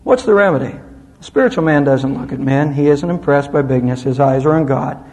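A man preaching an expository sermon, with lively, rising and falling emphasis. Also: mid-range voice, brisk, long reverb tail. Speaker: pastor.

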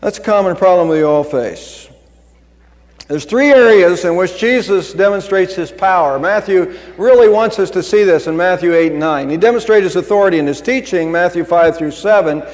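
Earnest pastor preaching in a reverberant church. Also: male voice, sits high, normal speed. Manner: earnest, conversational preaching with restarts. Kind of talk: sermon. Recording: long hall reverb.

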